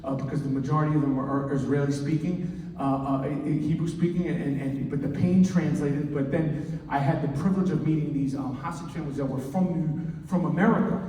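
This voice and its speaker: A middle-aged man doing live stand-up storytelling in a loud, animated way, repeating words as he talks. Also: a little high, fairly quick. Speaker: comedian and storyteller. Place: large hall, indoors. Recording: echoey hall from far off.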